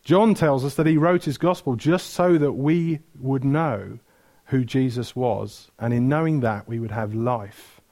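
A man's voice: medium pitch, measured pace, hardly any pauses, a little mellow. A man preaching a sermon, retelling stories with energy, asking the room questions and correcting himself mid-flow.

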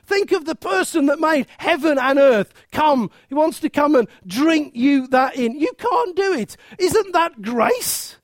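Slow, emphatic preacher. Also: high voice, no echo, clean studio sound. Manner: lively, emphatic, full of rhetorical questions and humour. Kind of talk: sermon.

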